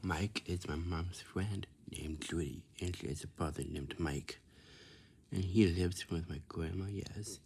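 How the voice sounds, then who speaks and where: Gravelly, dark-toned man, unhurried, rambling casual talk full of coaxing questions. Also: sits low, a little hiss or hum. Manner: repetitive, coaxing questions with many restarts.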